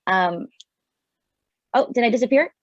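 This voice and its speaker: A woman's voice: a little high, expressive, measured pace, a crowd in the background. Bubbly woman on a muffled video call. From New York City. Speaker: voiceover contest winner. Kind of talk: casual video call chat.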